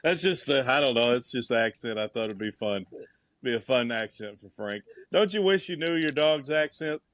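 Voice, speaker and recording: A man's voice: mid-range voice, lively intonation, normal speed, fairly bright tone, no room sound. A man co-hosting a podcast in casual chat over a video call, talking music and telling stories. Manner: chatty, storytelling. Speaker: podcast co-host.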